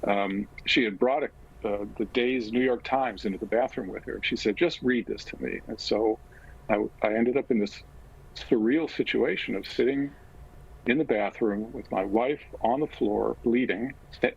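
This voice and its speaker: A man talking as a guest in an interview, recounting a personal story in a halting, reflective way with frequent pauses. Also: mid-range voice, gravelly, breathy edge, highs cut off. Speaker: guest author.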